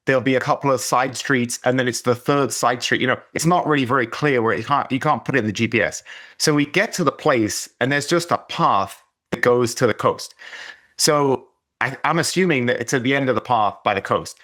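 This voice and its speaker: A man's voice: mid-range voice, a bit bright. A middle-aged man from England, hosting a podcast and telling a casual, rambling story with many restarts. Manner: rambling, self-interrupting, lots of restarts. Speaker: podcast host.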